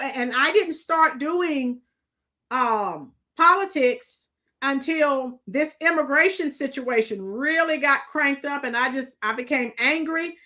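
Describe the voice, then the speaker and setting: A woman's voice: sits high, pushed and bright. A middle-aged woman from Florida hosts a live stream in casual chat, rambling and answering viewers' comments by name.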